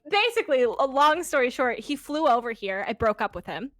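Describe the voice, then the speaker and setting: Twenty-something woman guest, lively storyteller, higher voice, dry close sound. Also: brisk, no echo, soft background music. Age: 20s. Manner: animated, swearing, laughs often, acts out quotes. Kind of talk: casual storytelling chat.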